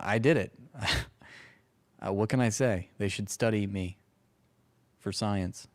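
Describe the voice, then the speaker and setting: A man's voice: on the low side, normal speed, pauses often. A man hosting a casual reaction stream, rambling and sarcastic, swearing freely as he talks over clips.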